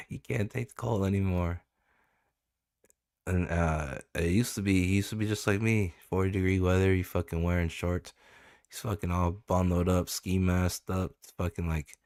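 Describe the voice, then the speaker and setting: Deep-voiced laid-back man streaming. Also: steady tone, a little slow, darkish tone, dry recording, clean studio sound. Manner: laid-back, swears a lot. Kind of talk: casual stream chat.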